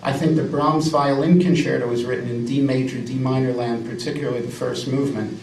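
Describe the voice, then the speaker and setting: A man's voice: mid-range voice, fairly even intonation, brisk, darkish tone, a little hiss or hum. A man in his fifties giving a live lecture as a pianist, emphatic and jokey, repeating words for effect. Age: 50s. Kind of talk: live music lecture with piano examples. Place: salon lecture room indoors. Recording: roomy, distant live recording with piano.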